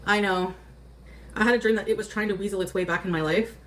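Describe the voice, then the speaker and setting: A woman's voice: mid-range voice, steady tone, fast, fairly bright tone. A woman talking to her viewers while she cooks in a home kitchen, chatty and casual. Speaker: cooking vlogger. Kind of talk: casual cooking vlog.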